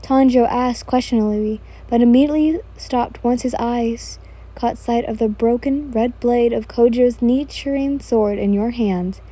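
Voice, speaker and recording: A woman narrating a second-person romance story in gentle, measured tones. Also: on the high side. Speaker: fan fiction narrator.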